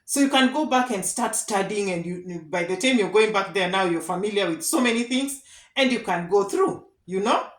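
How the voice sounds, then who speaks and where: A woman's voice: medium pitch, lively intonation, moderate pace. A woman giving earnest, repetitive advice straight to her viewers in a casual vlog. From Kenya. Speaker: vlogger giving advice to immigrants. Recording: echoey room.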